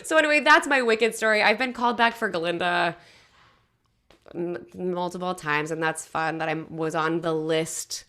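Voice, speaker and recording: A young woman, a variety show cast member, telling a story in casual, animated chat full of fillers. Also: fairly low pitch, moderate pace. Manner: chatty, animated, filler-heavy.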